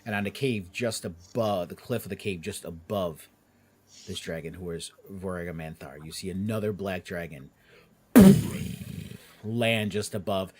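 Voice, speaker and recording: A man running a tabletop game as game master, narrating in a halting way with many fillers and restarts. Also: low voice, husky.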